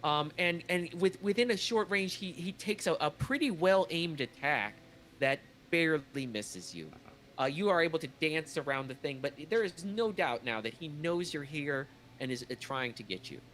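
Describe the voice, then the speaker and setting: A man narrating a tabletop game as game master, halting often with fillers and restarts. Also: fairly high pitch, lively intonation, a bit bright, slight background noise. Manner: halting, lots of uhs and restarts.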